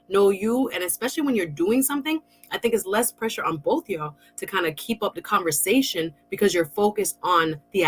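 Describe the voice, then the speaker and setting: Chatty, expressive woman hosting a podcast. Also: medium pitch. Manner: chatty and expressive, informal slang. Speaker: podcast host. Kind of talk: casual chat.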